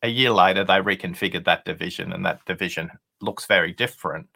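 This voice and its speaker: A man being interviewed as a podcast guest, telling a workplace anecdote in a deliberate, conversational way with pauses for effect. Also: deep voice, creaky, pushed and bright. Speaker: podcast guest, listening expert.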